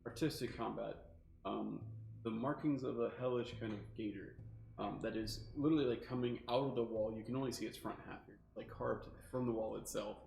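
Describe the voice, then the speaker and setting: Gravelly game master narrating a scene. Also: male voice, medium pitch, steady tone, brisk, a little mellow. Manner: rambling, filler-heavy description. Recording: echoey room with faint music.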